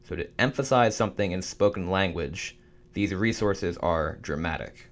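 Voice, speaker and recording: A man's voice: low voice, moderate pace. A young man reading study notes aloud for a writing course, stumbling now and then and restarting. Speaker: student making a study guide.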